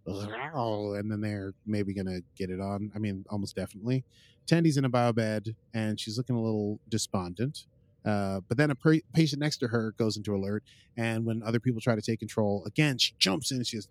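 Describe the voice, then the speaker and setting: A man's voice: on the low side, a little fast, no room sound. A man hosting a podcast, casually recapping an episode in a playful, jokey way that drifts into silly bits. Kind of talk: casual chat.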